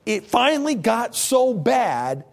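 A middle-aged male preacher delivering a sermon with animated storytelling. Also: very high-pitched, slow, creaky. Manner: animated storytelling, acting out scenes in voices.

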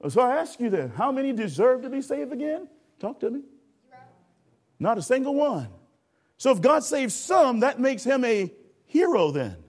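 A man preaching a sermon, addressing the congregation directly and acting out a lifeguard rescue with shouting. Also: very high-pitched, very animated, normal speed, pauses often, breathy edge. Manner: calls for audience response.

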